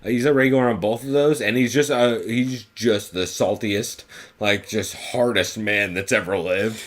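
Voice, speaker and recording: A man's voice: fairly low pitch, fairly even intonation, normal speed. A man co-hosting a podcast in casual chat, loose and profane, rambling with lots of fillers. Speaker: podcast co-host.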